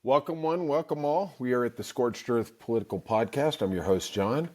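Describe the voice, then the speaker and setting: A man's voice: medium pitch, moderate pace, darkish tone. A middle-aged man hosting a podcast, telling a rambling comic story with wry asides. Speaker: podcast host. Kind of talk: casual comic storytelling monologue.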